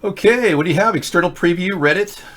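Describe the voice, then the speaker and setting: A man with a high-pitched, fast, fairly bright voice hosts a casual live political video chat. Sarcastic and rambling, he reads viewer comments and tweets aloud as a livestream show host.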